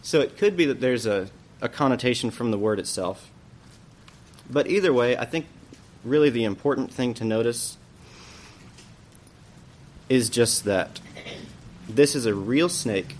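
A man's voice: medium pitch, lively intonation, measured pace, pauses often. A man teaching an adult church Bible class, explaining a passage in a thoughtful way and often asking questions aloud.

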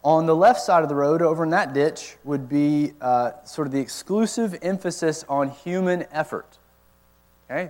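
Man, slightly higher voice, teaching sermon, rhetorical questions, explanatory. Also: darkish tone. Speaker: college ministry teacher.

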